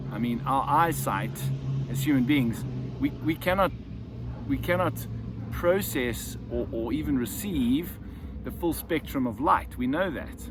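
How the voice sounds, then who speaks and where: Against a noisy background, a South African man with a mid-range voice hosts a self-help video. He speaks to camera in an unscripted, reflective way, frequently repeating words and beginning again.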